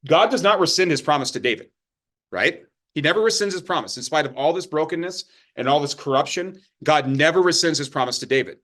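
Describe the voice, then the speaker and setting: A man's voice: on the high side, animated, a little fast, a bit bright. A man teaching a Bible study in a loose, conversational way, checking in often with his listeners. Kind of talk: informal sermon teaching.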